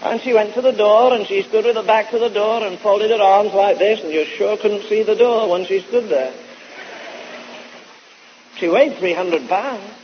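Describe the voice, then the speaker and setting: A male preacher telling an animated, folksy story in a sermon, heard on a dull old recording. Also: high-pitched, moderate pace, slight background noise. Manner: animated, folksy anecdotal delivery.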